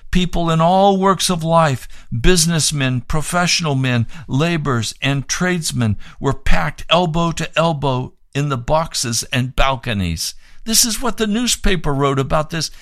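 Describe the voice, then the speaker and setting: A man's voice: fairly high pitch, expressive, a little slow, hardly any pauses, a bit bright, dry recording, clean studio sound. A man preaching on the radio, reading aloud from a book and making fervent, pleading appeals for donations.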